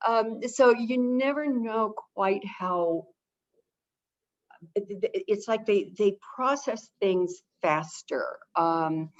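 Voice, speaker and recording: A woman answering viewer questions as an expert guest on a webinar, chatty and animated, often acting out how to talk to birds. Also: mid-range voice, slow. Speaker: avian behavior consultant, guest expert. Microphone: video call. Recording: dull lo-fi webinar audio.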